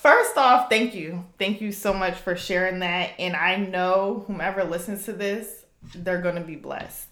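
A woman's voice: on the low side, measured pace, fairly bright tone, echoey room, slight background noise. A woman hosting a faith podcast conversation, casual, emphatic and encouraging. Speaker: podcast host.

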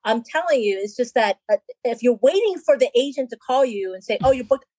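A woman who acts and makes films, talking casually on a podcast, emphatic and quick to agree. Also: on the high side, animated, dark tone, no room sound. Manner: emphatic, frequent short agreements. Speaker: actor and filmmaker.

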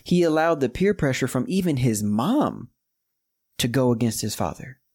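A man's voice: medium pitch, lively intonation, normal speed, a little mellow, slightly rough. A man hosting a Bible study podcast, reading scripture aloud and breaking into emphatic, conversational preaching that climbs to exclamations.

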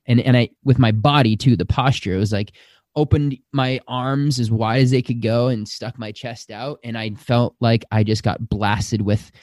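A man with a mellow, relaxed voice of middle pitch speaks as a spiritual teacher. His talk is earnest and reflective, and he slows down on the words he stresses. The sound is dry and close, with no room around it. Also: no echo. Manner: slow, earnest, drawn-out emphasis.

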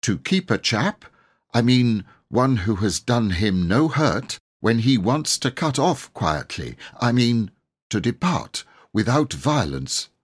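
A man voicing a hot-tempered young boy, talking in a raised, excitable voice. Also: mid-range voice, slow pace, slightly rough, voice pushed up, heavily acted. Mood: cross. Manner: cross, excitable.

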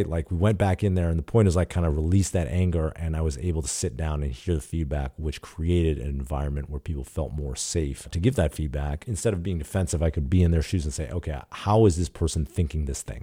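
A man's voice: a bass voice, mellow, husky. A man guest telling a candid story in an interview, animatedly acting out quoted dialogue and swearing casually. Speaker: startup CEO guest.

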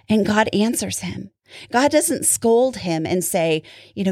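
A woman's voice: mid-range voice, lively intonation, measured pace, no room sound, clean studio sound. A woman giving a conversational Bible teaching, laughing now and then and acting out prayers as quoted speech. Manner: warm, often laughs, acts out prayers in quotes.

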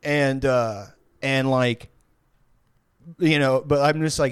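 A man recounts a wild night in a loose, rambling way, full of swearing and fillers. His voice sits at a middle pitch. The recording is close and dry, with no room sound. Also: slow, smooth, dry recording. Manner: profane, rambling, animated retelling. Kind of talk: casual storytelling.

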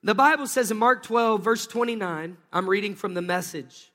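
A man with a high, light voice delivers an energetic sermon, calling out to the congregation and waiting for their answers. His words ring out with a long, reverberant tail, as in a large church hall. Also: normal speed. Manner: energetic, calls for crowd responses. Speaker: pastor. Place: church sanctuary.

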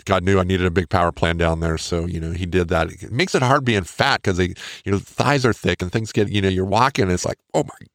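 Middle-aged man, podcast host, low voice, frank and joking, dry close sound. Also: fairly even intonation, brisk, hardly any pauses, fairly bright tone, no echo. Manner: frank, joking, self-mocking. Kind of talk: casual storytelling.

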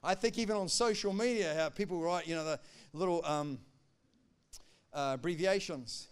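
A male pastor preaching a sermon, animated, acting out quotes and swinging between loud declarations and hushed asides. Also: fairly high pitch, normal speed, clean tone.

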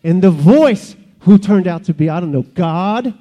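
A man's voice: sits high, unhurried. A man voicing a chatty, boastful talking bush who tells a story to children in a church skit. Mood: storytelling. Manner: animated, playful storyteller addressing kids. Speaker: children's church puppet character.

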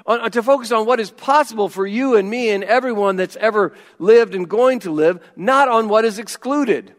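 Emphatic high-voiced pastor in a reverberant hall. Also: male voice, moderate pace. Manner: emphatic, dropping to quiet intensity; humorous asides. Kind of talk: sermon.

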